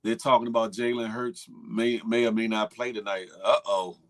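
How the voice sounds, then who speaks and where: A man's voice: lowish voice, fairly even intonation, moderate pace. A man hosting a morning show, chatting casually and teasing viewers with slang and laughter. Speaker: morning show host reading viewer comments. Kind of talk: casual chat.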